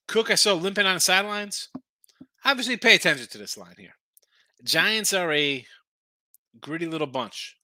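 A man's voice: medium pitch, pushed and bright, no room sound. A man hosting a live late-night sports betting stream, firing off brash picks and talking to his chat while tired and yawning. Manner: brash, rapid-fire opinions, talks to chat. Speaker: sports betting show host.

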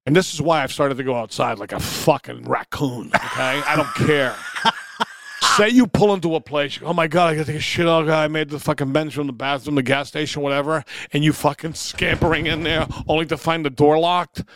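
A man's voice: a little high, fairly quick, a bit bright. A middle-aged man hosting a podcast, trading crude jokes and acting out bathroom scenes with lots of laughter. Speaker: podcast host. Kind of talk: crude comedic banter.

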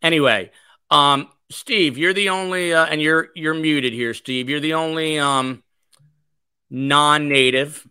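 Podcast host guy reading out viewer comments, bright crisp voice, dry sound. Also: fairly high pitch, steady tone, slow pace, no room sound. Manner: chatty, reads comments aloud, many fillers. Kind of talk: casual livestream chat reading viewer comments.

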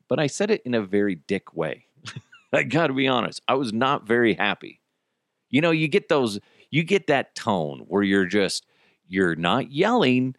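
A low-pitched man in his thirties, recorded close with almost no room sound. He talks casually as a podcast host, swears freely and throws his voice into the quotes in his stories. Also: a bit bright, no room sound. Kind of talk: casual storytelling chat.

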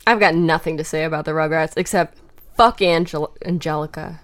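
A woman co-hosting a casual podcast, who laughs easily and chats in a loose way. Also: sits low. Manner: giggly, quick to laugh. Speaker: podcast co-host.

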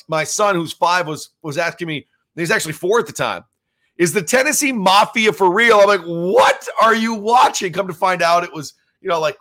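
A man's voice: fairly high pitch, fairly bright tone. A man hosting a solo podcast, talking casually and rambling with plenty of fillers as he shares his reactions as a father. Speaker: podcast host.

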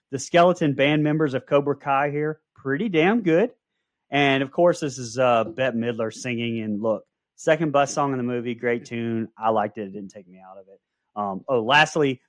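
A man's voice: medium pitch, no echo. A man co-hosting a podcast, chatting casually about a film in a joking, rambling way with plenty of asides. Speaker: podcast co-host. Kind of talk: casual film-commentary chat.

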